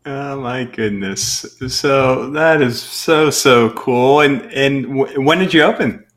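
A man hosts a relaxed interview, speaking slowly at a middle pitch. He is chatty and laughs often, with eager little reactions between his questions. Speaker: podcast interviewer. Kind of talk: casual interview.

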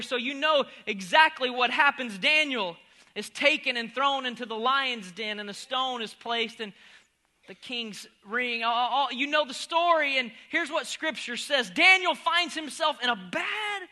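High, bright-voiced man preaching. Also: normal speed. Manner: humorous, swings from loud exclamations to near-whispers. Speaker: pastor. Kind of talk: sermon.

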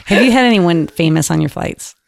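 A woman's voice: fairly low pitch, expressive, gravelly, noisy background. A woman hosting a podcast, teasing her guest and joking in casual chat. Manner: teasing, quick with jokes. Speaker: podcast host.

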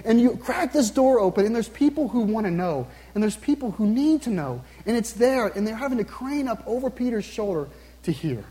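A man preaching a sermon, earnestly posing questions to his listeners and slowing down to read scripture aloud. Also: high-pitched, lively intonation, dark tone. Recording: long reverb, hall-like.

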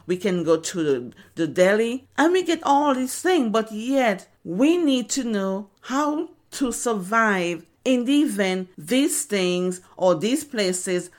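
A woman's voice: mid-range voice, sing-song, slow, hardly any pauses. Woman in her fifties, earnest devotional podcast host teaching in the studio. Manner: earnest, preaching.

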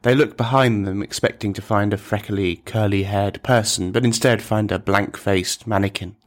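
A man narrating a dark comic story in a measured, deliberate, deadpan manner. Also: fairly low pitch.

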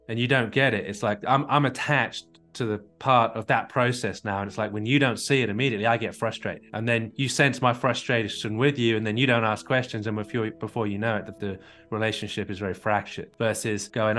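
Low-voiced man coaching on a call. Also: fairly even intonation, fairly quick, few pauses, fairly bright tone, soft background music. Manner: explains with analogies and repeated rhetorical questions. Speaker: relationship coach.

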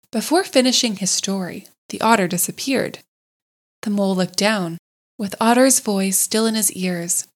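A woman narrates a classic storybook in a gentle, measured voice. Her pitch sits in an ordinary middle range, calm and unhurried. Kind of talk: storybook read-aloud.

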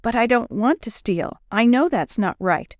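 A woman's voice: a little high, lively intonation, moderate pace, no room sound, studio quality, lightly acted. A woman voicing an earnest, honest young schoolboy in a storybook reading. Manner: earnest, plain storybook dialogue.

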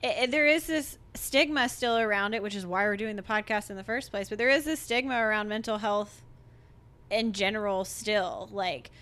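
A woman hosts a podcast interview in a relaxed, conversational way. Her voice is bright and forward, and she drops in frequent fillers and easy laughter as she asks her questions. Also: mid-range voice, moderate pace. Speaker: podcast host.

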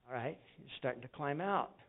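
A man's voice: mid-range voice, expressive, moderate pace. Earnest man preaching over a tinny line. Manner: earnest storytelling, acting out quoted voices. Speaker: evangelist preacher. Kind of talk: sermon. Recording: tinny phone-like sound.

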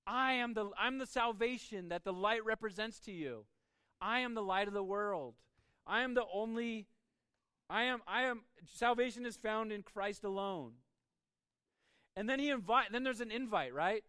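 A man preaching a sermon as pastor, emphatic, with his voice swinging between soft and loud. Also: sits high, moderate pace, clear, resonant tone, dry recording.

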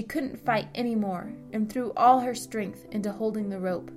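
A woman narrating a fantasy story in a steady storytelling manner. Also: mid-range voice, moderate pace, hardly any pauses, soft background music. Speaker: audiobook narrator. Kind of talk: scripted narration.

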